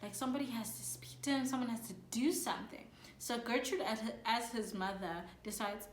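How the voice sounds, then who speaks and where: Chatty woman retelling a story all jokey and slangy, kinda high voice, roomy echo. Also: a little hiss or hum. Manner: playful, slangy, acts out characters in quick asides. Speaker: channel host. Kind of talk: comedic casual plot summary.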